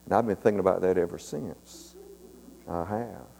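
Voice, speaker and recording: A man's voice: low-pitched, moderate pace, vocal fry, mellow. Folksy preacher man, ringing church reverb. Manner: folksy, earnest, repeats words. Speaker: pastor. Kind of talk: sermon storytelling. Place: church sanctuary.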